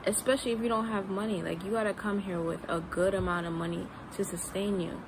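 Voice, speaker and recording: A woman's voice: medium pitch, steady tone, fast talker. A woman from the United States vlogging casually and frankly, leaning on "like". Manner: frank, fills with "like". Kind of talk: casual vlog. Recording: street noise with passing traffic.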